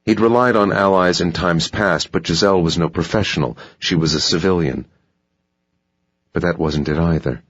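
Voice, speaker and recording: A man narrating an audiobook in a slow, measured delivery. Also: low-pitched, no echo. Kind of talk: scripted narration. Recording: dull dry audiobook recording.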